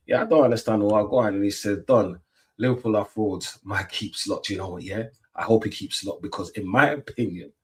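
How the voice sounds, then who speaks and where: A young British man hosting a casual football livestream, full of playful trash talk and "yeah?" tags. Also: fairly low pitch. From Britain. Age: young adult. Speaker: livestream host. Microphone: webcam mic.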